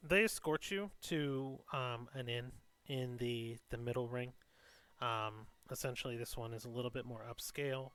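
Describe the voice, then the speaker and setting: A man narrating a tabletop game as game master, with a relaxed way of talking full of ums and restarts. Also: medium pitch, clean tone. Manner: relaxed, filler-heavy narration with many ums.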